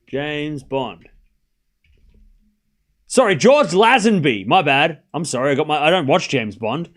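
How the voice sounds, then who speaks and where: Chatty male tennis streamer. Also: a little high. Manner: chatty, joking with chat, swearing, tangents between points. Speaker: streamer doing live tennis commentary. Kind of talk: casual live-stream commentary.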